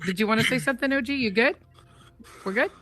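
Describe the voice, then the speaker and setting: A woman's voice: a little high, quick pace, pushed and bright, dry recording. A woman hosting a casual talk show, speaking emphatically and laughing often. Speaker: host.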